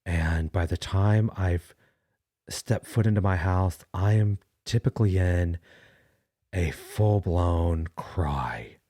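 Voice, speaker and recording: A deep, husky-voiced male caller, overwrought and sentimental, as a man puts him on for a comedy podcast. He gushes and apologizes his way through every thought. The sound is dry and close. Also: mellow, dry recording. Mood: tearful gushing. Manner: weepy, gushing, dramatic apologies. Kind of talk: comedic character bit.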